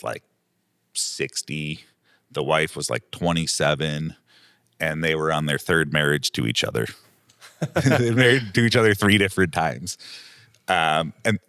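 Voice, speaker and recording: A man with an extremely deep, low voice, a property manager guest telling a long story from his work. He rambles casually, filling the gaps with "um" and "like". The sound is dry and close, with no room echo. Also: a bit bright. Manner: rambling anecdotal telling, lots of um and like.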